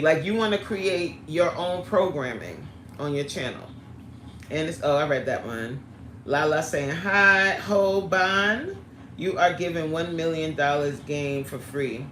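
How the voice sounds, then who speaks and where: A middle-aged woman coaches on a live stream, chatting casually, greeting viewers by name and laughing easily. Her voice is lowish, the recording has a roomy echo and a slight hiss or hum.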